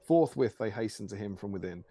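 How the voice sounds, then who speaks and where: A man hosting a stream, reading an archaic fantasy tale aloud in a measured storytelling manner. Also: lowish voice, animated, dark tone. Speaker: stream host.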